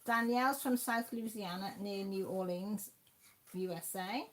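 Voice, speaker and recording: Livestream host: Welsh woman, 50s, chatty, mid-pitched, reads the chat aloud with frequent laughs. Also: a little slow. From Wales. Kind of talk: casual chat reading viewer comments.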